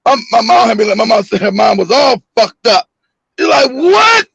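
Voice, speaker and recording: Raspy high-voiced man telling a wild story. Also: fairly quick, no room sound, highs cut off. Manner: animated, acts out quotes with shouting; swears freely, laughs often. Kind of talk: casual storytelling on a livestream.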